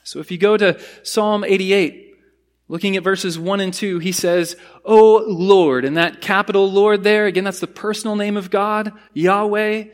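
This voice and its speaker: A man preaching a sermon in an earnest, emphatic way, slowing down to stress key phrases and explaining Bible words in a teaching tone. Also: high-pitched, little pitch movement, fairly bright tone. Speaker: pastor.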